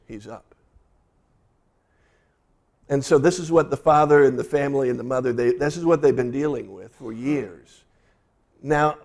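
A man, a pastor, delivering a sermon and retelling scripture in a lively storytelling way. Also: mid-range voice.

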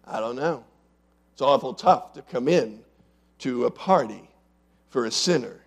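A man preaching a sermon as pastor, asking his congregation rhetorical questions and swinging between loud emphatic lines and quiet asides. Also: mid-range voice, expressive, measured pace, creaky, husky.

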